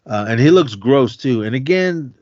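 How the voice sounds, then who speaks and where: A man at a middle pitch talks through a movie scene by scene in a loose, rambling way, backing up and restarting his sentences. He chuckles as he goes and slips into voices for the characters. The sound is dry and a little dull. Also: animated, moderate pace, darkish tone, no room sound. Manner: rambling, restarts sentences, laughs often, acts out quotes. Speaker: podcast co-host. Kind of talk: casual movie recap chat. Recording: slightly dull dry podcast audio.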